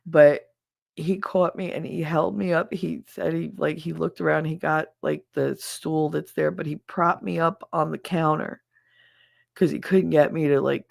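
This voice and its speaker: Middle-aged woman rambling thru a story on her podcast, gravelly voice, dry close sound. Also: deep voice, dry recording. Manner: rambling, heavy use of "like" and "he said". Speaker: podcast host. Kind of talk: casual storytelling.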